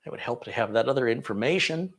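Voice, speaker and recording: A man hosts a casual live computer Q&A, answering viewer questions one by one. He is chatty and digressive and keeps amusing himself along the way. His voice sits at an ordinary middle pitch. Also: expressive, fast, a bit bright. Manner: chatty and digressive, self-amused. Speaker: tech channel host answering viewer questions.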